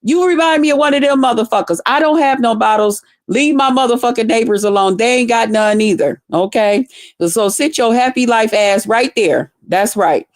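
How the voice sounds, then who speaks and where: A woman's voice: fairly high pitch, normal speed, no room sound, studio quality. Blunt, profane woman on a livestream. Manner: blunt, profane, laughing often; greets chat viewers by name. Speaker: livestream commentator. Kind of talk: casual livestream commentary.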